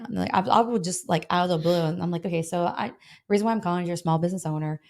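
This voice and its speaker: A woman's voice: fairly low pitch, rapid-fire, darkish tone. A middle-aged woman, a health insurance broker, telling stories in a casual interview and acting out both sides of her phone calls.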